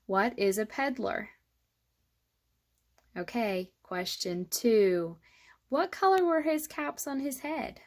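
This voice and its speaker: A woman preschool teacher reading a storybook aloud to young children, slow and expressive, then asking soft, gentle questions. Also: mid-range voice, no room sound.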